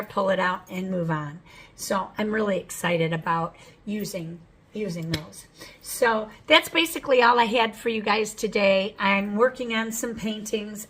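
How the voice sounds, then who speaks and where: A woman's voice: mid-range voice, fairly bright tone, a little hiss or hum, rough recording. A woman hosting her own art channel, talking through an unboxing in a chatty, rambling, frank way at home. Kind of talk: casual unboxing vlog.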